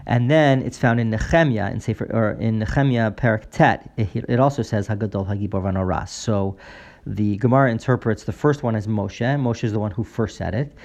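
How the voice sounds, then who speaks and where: A man giving a spoken Talmud lesson, reading passages aloud and explaining them in a measured, explanatory way with frequent fillers and restarts. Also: on the low side, a little mellow. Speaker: Talmud teacher.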